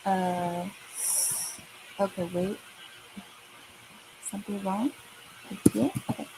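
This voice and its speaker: Slow, patient Chinese-accented woman teacher. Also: medium pitch, noisy background. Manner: slow and patient, repeats words, many fillers like okay and right. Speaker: Mandarin teacher. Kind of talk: slow online kids' lesson.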